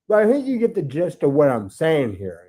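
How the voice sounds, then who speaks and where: A man's voice: a little high, huge pitch swings, moderate pace, warm tone. A man talking as a podcast guest, rambling and aggrieved, swearing freely. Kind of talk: ranting podcast talk.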